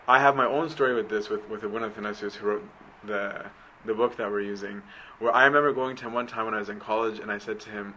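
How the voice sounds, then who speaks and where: A man's voice: lowish voice, fairly even intonation, fast, bright, forceful tone, a little hiss or hum, rough recording. A man giving a conversational church teaching. He reads a passage aloud, then explains it informally, checking in with "right?" and pressing his points earnestly. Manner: earnest and emphatic in exhortation.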